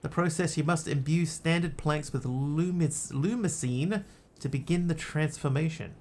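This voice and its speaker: A man's voice: a little high, steady tone, moderate pace. A man streaming a video game live, chatting casually and thinking aloud in muttered asides. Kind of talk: casual live gameplay commentary.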